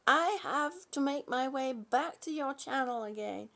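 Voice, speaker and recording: Slow, gravelly older woman chatting. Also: sits high, animated. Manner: chatty, warm-hearted, with frequent "um" and restarts. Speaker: channel host. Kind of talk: live stream chat reading comments.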